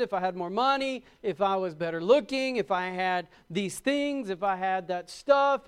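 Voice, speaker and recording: High-voiced preaching man. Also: clear, resonant tone. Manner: preaching with rising emphasis and quick acted-out asides. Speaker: pastor. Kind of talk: sermon.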